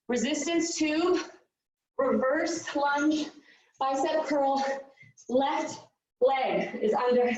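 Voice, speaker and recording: A woman's voice: high voice, very echoey, far from the mic, dull audio. A woman fitness coach leading a live workout, out of breath, upbeat and counting down the reps.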